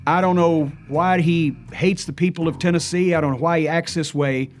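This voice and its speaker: A man's voice: a little high, steady tone, normal speed, faint music behind, close to an everyday voice. A man playing a cocky male pro wrestler who talks bluntly and makes swaggering threats. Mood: threatening.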